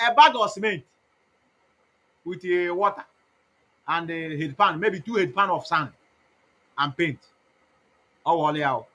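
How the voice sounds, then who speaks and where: A man with an Igbo Nigerian accent talks on and off in a rambling campaign monologue, preachy and mocking. His voice is husky and a bit raised in pitch, with a bright, sharp edge. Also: unhurried, pauses often, rough recording. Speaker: activist campaigner.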